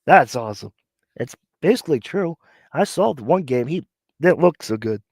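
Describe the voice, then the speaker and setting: A man's voice: fairly high pitch, normal speed, husky, no room sound. A man hosts a sports stream while nursing a cough. He rants and mocks in a voice that leaps up and down. The sound is close and dry, with no room around it. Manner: animated, mocking, mimics players. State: sick with a cough. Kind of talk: casual live-stream rant.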